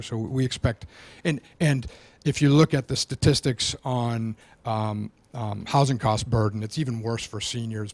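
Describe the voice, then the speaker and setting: A man's voice: on the low side, vocal fry, a little mellow, dry recording. A man presenting to a town board as a housing developer, hesitant and full of restarts. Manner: hesitant, many restarts, explanatory. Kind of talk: public meeting presentation.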